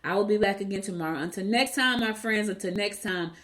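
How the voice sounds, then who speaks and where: A woman's voice: medium pitch, a little fast, a bit bright. A woman raised in New Jersey hosting a casual solo podcast, chatty and repeating herself as she retells conversations. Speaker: podcast host.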